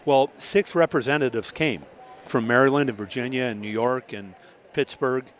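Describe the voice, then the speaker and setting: A man speaking into a radio studio mic, telling a long story. His voice sits at an ordinary middle pitch. He plays out each quoted line as he goes. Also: moderate pace. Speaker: radio guest.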